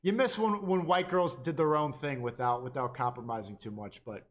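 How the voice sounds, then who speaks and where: A man hosting a casual livestream, talking in halting bursts with stammered restarts. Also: medium pitch. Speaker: host of the stream.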